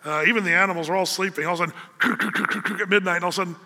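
A male pastor preaches in an animated storytelling style, acting out his characters' voices at a rapid-fire pace. His voice is high and very bright, and a long hall reverb trails every phrase.

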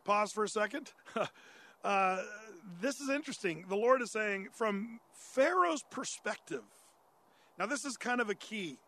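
A pastor teaches through a Bible passage conversationally, asking and answering listener questions amid many "uh" fillers and restarts. His male voice sits high and sounds pushed and bright, expressive yet measured in pace.

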